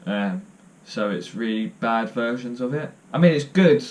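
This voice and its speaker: This young male vlogger has a medium pitch and a somewhat dark tone, and he speaks expressively without hurrying. Talking straight to camera, he tells loose, self-mocking stories and fills the gaps with ums and uhs.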